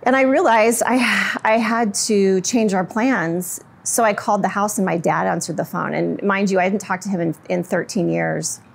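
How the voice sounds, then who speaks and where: A middle-aged woman telling her personal story in an interview, soft-spoken and reflective, with frequent fillers. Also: medium pitch, fairly even intonation, moderate pace, creaky, hardly any pauses.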